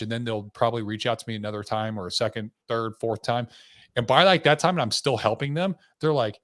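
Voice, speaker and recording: A man hosting a podcast, telling stories in a relaxed, chatty way with fillers and some swearing. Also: medium pitch, a little fast, dry recording, studio quality. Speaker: podcast host, insurance agent. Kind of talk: casual podcast conversation.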